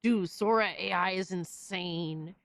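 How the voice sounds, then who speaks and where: A woman hosting a live stream, reading chat messages aloud and reacting in an excitable, profane, casual way. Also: on the low side, measured pace, creaky, dry recording. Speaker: livestream host reading chat.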